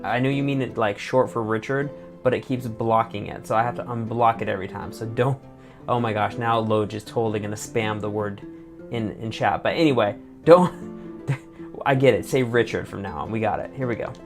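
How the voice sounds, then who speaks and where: A woman streaming a game, rambling excitedly, laughing often and reading dialogue aloud. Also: a bass voice, brisk, music in the background. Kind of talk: casual let's-play commentary and dialogue reading.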